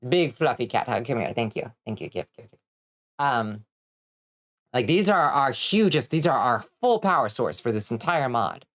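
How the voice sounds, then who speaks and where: A woman streaming a game, chatting casually, reading chat and swearing a lot when excited. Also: very deep voice, moderate pace. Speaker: vtuber streamer.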